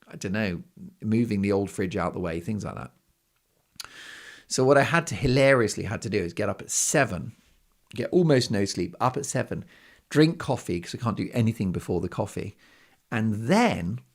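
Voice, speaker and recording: Chatty man with gravelly voice. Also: lowish voice. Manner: chatty storytelling, wry asides. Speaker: podcast host. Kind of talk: casual solo monologue.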